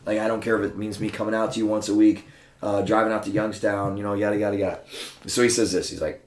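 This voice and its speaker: A deep-voiced middle-aged man holds the floor with a rambling, profane story, jumping into other people's voices as he goes. His low tone rings around an echoey room. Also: fast talker, slight background noise. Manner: animated, profane, acts out quoted voices. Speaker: guest storyteller. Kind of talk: casual storytelling chat. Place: room with a small live audience.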